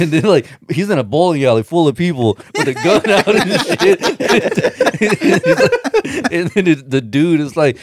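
A young man tells his friends about a favorite comedy, acting out every line and cracking himself up along the way. His voice sits a touch high. The sound is dry and close. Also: a little slow, few pauses, dry recording. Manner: animated storytelling, swears a lot, laughs often, acts out lines. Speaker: friend retelling a movie. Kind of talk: casual chat among friends.

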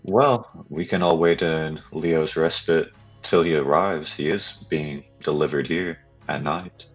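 Super deep-voiced guy roleplaying his character, kinda dull lo-fi sound, light music. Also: unhurried. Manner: earnest, speaking in character. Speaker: player. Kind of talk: tabletop role-play.

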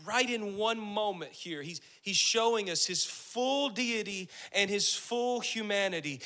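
This pastor sits high in pitch with an expressive, sharp delivery, moving at a measured pace with few pauses. His sermon builds steadily as he reads and explains scripture, repeats phrases for emphasis and voices Jesus.

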